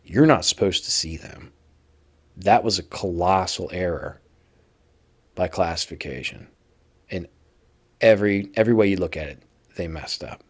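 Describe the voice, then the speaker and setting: A man's voice: sits low, moderate pace, pauses often. A man telling a story from his time in prison in a casual, conversational way as a podcast host. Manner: casual, conversational, acts out quoted voices loudly. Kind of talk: first-person storytelling monologue.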